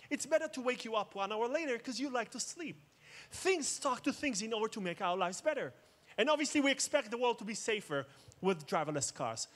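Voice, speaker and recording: Man, high voice, keynote speaker, jokey, dramatic. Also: fairly bright tone. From Israel. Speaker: conference speaker. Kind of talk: keynote talk. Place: outdoor festival main stage.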